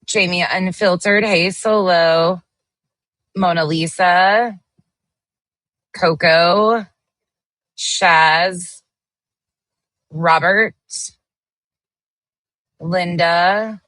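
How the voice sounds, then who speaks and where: A woman streamer talks casually to her chat, greeting viewers one by one as she reads their comments. Her voice sits low in pitch but has a bright, forward edge. The sound is dry and close, and her delivery is blunt, with the occasional swear. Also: steady tone, very slow, pauses often, no echo. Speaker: livestream host.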